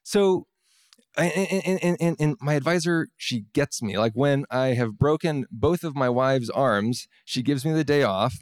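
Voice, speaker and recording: A man's voice: medium pitch, lively intonation, no echo. Guy telling a funny story about himself, wry, stumbles and restarts a lot, dry close sound. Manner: wry, self-deprecating, with halting restarts. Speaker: storyteller, scientist. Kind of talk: personal story told to an audience.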